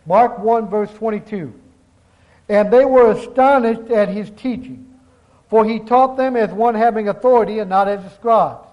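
A man preaching a sermon, reading scripture aloud and stressing key words slowly, calling the congregation brethren. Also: very high-pitched, darkish tone, muffled recording.

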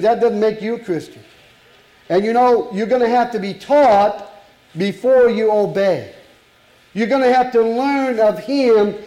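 A man's voice: high-pitched, warm tone, echoey room, rough recording. A man preaching a sermon to a congregation, emphatic and full of rhetorical questions.

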